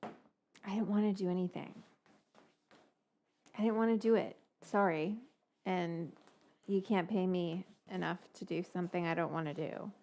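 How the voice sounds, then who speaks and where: A woman hosting a live cooking stream, rambling in casual chat, swearing now and then and muttering quiet asides. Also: lowish voice, steady tone, measured pace, pauses often. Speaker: cooking show host.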